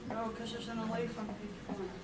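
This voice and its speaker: A woman student in a church class asking quiet, tentative questions. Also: fairly high pitch, flat delivery, a little fast. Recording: echoey room, far from mic, background noise.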